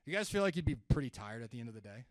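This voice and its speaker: Rapid-fire and mid-range, with no room sound, a young man runs a live sales seminar for an audience in an event room. As a sales trainer, he jokes energetically with the crowd and acts out calls in sharply contrasting tones.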